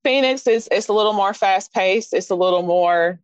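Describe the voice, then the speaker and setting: A woman from Kansas City with a Midwestern accent, chatting as an interview guest, animated and expressive. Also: normal speed, smooth, no room sound, rough recording. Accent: Midwestern American. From Kansas City, Missouri. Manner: animated, expressive, jumps up in pitch for emphasis. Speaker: fashion designer guest. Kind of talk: casual interview chat.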